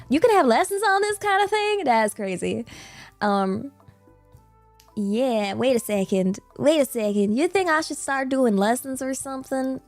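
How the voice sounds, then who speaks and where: A woman's voice: mid-range voice, darkish tone. A woman voicing a brash young Texan woman with a put-on Texas accent, drawling and playful with double negatives during a livestream. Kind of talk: livestream character voice.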